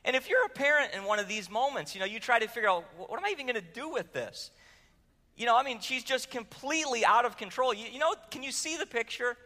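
High-voiced bright pastor in a hall. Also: male voice, expressive, fast. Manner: conversational, asks the room questions, tells stories. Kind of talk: sermon. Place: church sanctuary. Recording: long hall reverb.

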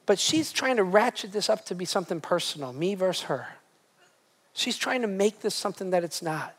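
A man's voice: sits high, animated, moderate pace, a bit bright. A man preaching a sermon as pastor, emphatic, often repeating words and asking the congregation direct questions.

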